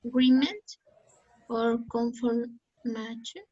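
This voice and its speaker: A woman's voice: on the high side, takes it slowly, dark tone. A woman student carefully reading grammar examples aloud. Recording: dull lo-fi audio.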